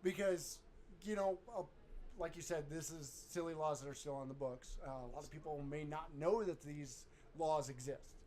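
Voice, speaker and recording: A man's voice: on the high side, normal speed, a little mellow, slight background noise. A man co-hosting a casual chat show, making dry joking asides. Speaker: podcast co-host.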